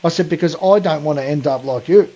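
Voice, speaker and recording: A man's voice: on the high side, fast talker, mellow, highs cut off. Blunt Australian man ranting. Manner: blunt, ranting, says mate a lot. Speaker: podcast co-host. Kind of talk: casual chat.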